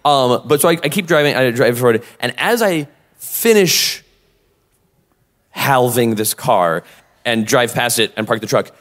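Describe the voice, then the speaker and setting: A man co-hosting a live podcast, telling a story in a lively, animated way. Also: medium pitch, a little slow. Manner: animated, acts out both sides of quoted exchanges. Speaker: podcast co-host. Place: convention stage with long reverb. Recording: live hall reverb.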